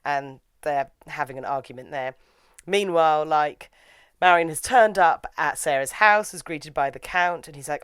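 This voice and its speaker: A woman's voice: sits low, normal speed, a bit bright, clear, resonant tone, no room sound, studio quality. A woman casually recapping a story's plot in a chatty way, full of "like" and "you know". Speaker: reviewer.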